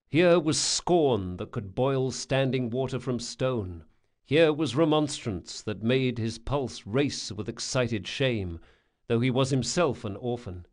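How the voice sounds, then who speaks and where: Male audiobook narrator, mid-pitched, measured and descriptive. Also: darkish tone.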